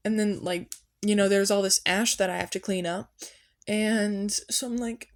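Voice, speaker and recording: Young woman, podcast host, rambling casual storytelling, filler-heavy, mid-pitched voice. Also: steady tone, moderate pace. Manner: casual, chatty, full of "like" and "um". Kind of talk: rambling deadpan fiction storytelling.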